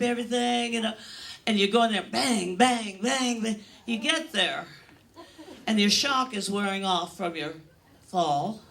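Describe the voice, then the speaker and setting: A woman's voice: fairly high pitch, bright, forceful tone, slight background noise. An older woman performing a stand-up comedy routine on a comedy club stage, telling bawdy, self-mocking stories in a brash way.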